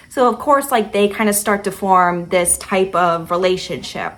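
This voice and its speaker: A young woman, a book vlogger, chats casually about books she loved, stuffing her talk with fillers like "like" and "kinda." Her voice sits in the mid-range, and she moves at a moderate pace with hardly any pauses.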